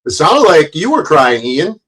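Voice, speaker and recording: A man's voice: on the high side, very animated, measured pace, a bit bright, breathy edge. A man doing angry ranting commentary on a livestream, profane and confrontational, often stumbling and repeating words. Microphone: streaming mic.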